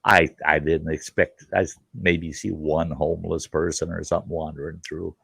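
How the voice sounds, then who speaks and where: A man's voice: very deep voice, little pitch movement, normal speed, vocal fry, a bit bright, slightly rough, no echo. A man hosting a casual chat, telling folksy stories full of crude asides. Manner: folksy, salty yarn-spinning with crude asides. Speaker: host.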